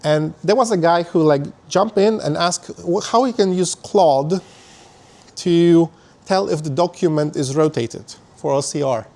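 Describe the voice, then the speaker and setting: A man's voice: on the high side, unhurried, a little mellow. Man giving a technical meetup talk. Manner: explanatory, with frequent fillers and restarts. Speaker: conference speaker. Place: meetup venue.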